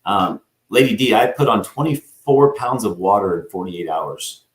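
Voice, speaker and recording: A man's voice: on the low side, lively intonation, normal speed. A man who is a guest on a live talk show, telling a long personal story in a rambling way, acting out the people in it and often addressing the host by name. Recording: roomy echo.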